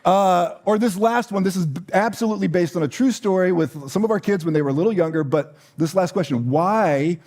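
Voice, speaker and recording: Mellow-voiced pastor, conversational. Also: male voice, high voice, fast, hardly any pauses. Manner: conversational, warm-hearted, with many fillers and restarts. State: choked up. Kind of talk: sermon with announcements.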